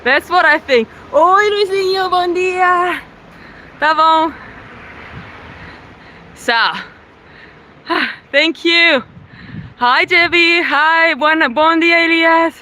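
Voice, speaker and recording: Her voice is very high and sharp, and she talks extremely slowly, pausing often. She's a German woman from Berlin with a German accent, livestreaming casually to viewers from a phone on a selfie stick as she walks through the city, saying "like" constantly. The low-quality recording picks up faint street and traffic noise.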